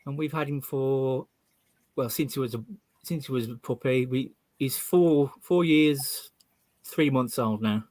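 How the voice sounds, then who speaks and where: A middle-aged man from England with a West Midlands accent, chatting as a guest over a video call in a halting, self-deprecating way with many restarts. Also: mid-range voice, darkish tone, no room sound. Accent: West Midlands English. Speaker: guest YouTuber. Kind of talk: casual video-call chat.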